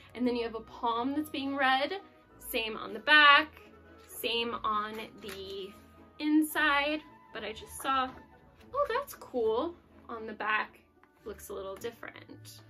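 A woman hosting her own channel, chatting casually while unboxing gifts, gushing with exclamations and sounding touched, close to tears. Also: fairly high pitch. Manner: gushing and effusive, many exclamations; soft-spoken and touched, near tears. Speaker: YouTube channel host.

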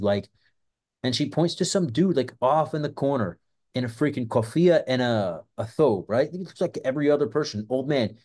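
Brief: easygoing male host, loose and profane, a warm, relaxed voice. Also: mid-range voice, a little fast. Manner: rambling, profane, filler-heavy. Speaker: self-defense channel host. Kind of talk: casual monologue.

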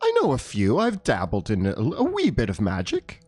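A man's voice: high voice, wildly swooping pitch, slow pace, no room sound, faint music behind, full character voice. A man voicing an eccentric, overly polite male potion seeker in a tattered suit, with a pompous manner, in a tabletop game recorded in a dry room.

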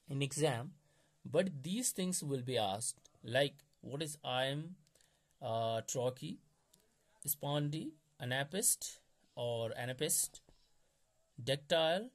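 A man giving an explanatory exam-prep lecture, going over key points methodically and repeating them. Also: mid-range voice.

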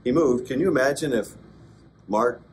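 A man, a pastor, giving a conversational Bible class lecture, with joking asides and bursts of excited emphasis. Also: medium pitch, moderate pace, slight background noise. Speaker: pastor teaching an adult class. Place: church classroom.

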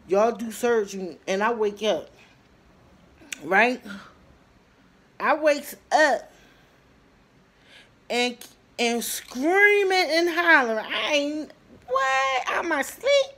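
A woman in her twenties talking casually to her viewers, telling her story with lively bursts and lots of fillers and pauses. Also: fairly high pitch. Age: 20s. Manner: chatty, animated storytelling, addresses viewers as y'all; frequent fillers and trailing pauses. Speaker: vlogger. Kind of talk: casual talk to camera.

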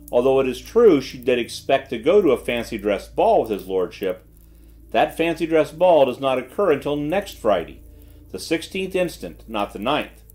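A man voicing a shrewd gentleman detective who speaks quietly and with calm assurance. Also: medium pitch, lightly acted. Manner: quiet, measured, self-assured.

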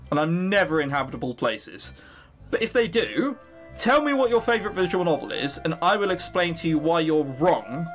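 A man's voice: on the high side, fairly bright tone. A man doing sarcastic, joking commentary while playing through a visual novel. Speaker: let's play host. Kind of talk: game commentary. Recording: faint background music.

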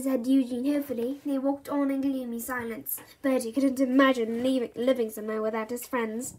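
High-voiced woman reading a kids' story. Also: level tone, fairly quick, few pauses, a little mellow. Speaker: story reader. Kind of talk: reading a children's book aloud.

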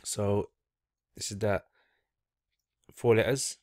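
A man's voice: fairly low pitch, steady tone, slow pace, darkish tone, no echo, studio quality. A man teaching letter sounds in a patient, step-by-step lesson, repeating each sound for the listener to copy. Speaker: Arabic reading teacher. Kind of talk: slow step-by-step lesson narration.

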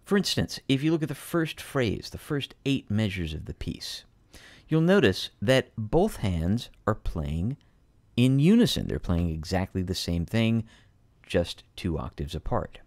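Male piano instructor, low voice, lively pitch, dry close sound, methodical. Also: unhurried, no room sound. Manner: patient, methodical, emphatic explanations. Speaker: piano teacher. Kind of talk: explaining a piano piece to students.

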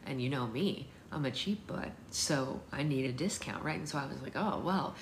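A chatty woman with a low voice hosts a casual book club stream from home, laughing easily and leaning on "like" as she talks. The phone recording carries a steady air-conditioner hum behind her. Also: moderate pace. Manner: chatty, laughing, lots of "like" fillers. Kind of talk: casual livestream chat. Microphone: phone livestream.

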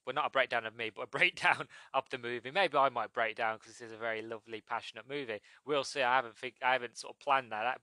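Bright-voiced British man rambling on a podcast. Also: mid-range voice, smooth, dry recording. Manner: rambling, self-correcting, chuckles at himself. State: recovering from a cold. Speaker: podcast host. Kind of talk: casual solo podcast chat.

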